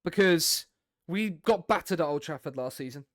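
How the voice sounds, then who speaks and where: A man's voice: a little high, lively intonation, moderate pace, slight background noise. A young man streaming a football management game, chatting casually with viewers in a rambling way. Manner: rambling, chatty, talks to viewers while playing.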